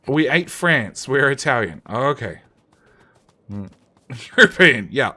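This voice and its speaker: A man's voice: medium pitch, sing-song, slow, pauses often, pushed and bright. A man streaming a game live and chatting with viewers in a loose, joking, self-mocking way, often restarting his sentences and casually swearing. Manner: casually profane.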